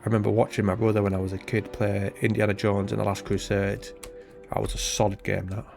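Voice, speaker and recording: A rambling, self-deprecating British man in his thirties talks casually over his gameplay, his voice sitting a little low. He drifts from the game into everyday stories in a loose, chatty flow. Faint game music runs underneath. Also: flat delivery, fast, creaky, darkish tone. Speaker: gaming channel host.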